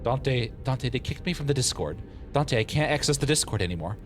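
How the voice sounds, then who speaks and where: A man's voice: medium pitch, brisk, close to an everyday voice. A man putting on an aloof know-it-all young woman. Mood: haughty. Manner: flat, haughty, formal.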